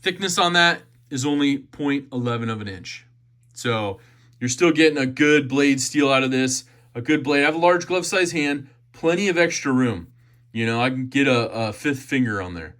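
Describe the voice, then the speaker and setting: A man talks through a knife unboxing in an easy, enthusiastic ramble, doubling up words as he goes. His voice is bright and forward, sitting in a middle pitch. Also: expressive, moderate pace. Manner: chatty, enthusiastic, repeats phrases. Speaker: knife reviewer. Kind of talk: casual unboxing review.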